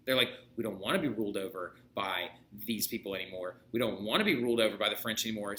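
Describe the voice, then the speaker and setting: A man's voice: on the high side, bright, forceful tone. A man teaching a history lesson in a casual, jokey way, checking in with his students again and again. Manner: casual, jokey, keeps asking "right?". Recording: echoey room.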